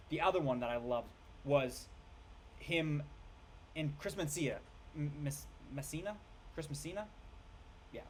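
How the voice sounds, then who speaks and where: A man ranting casually about a film, rambling, swearing and tripping over names as he gets excited. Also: a little high, slight background noise. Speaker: film reviewer. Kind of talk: casual rant review.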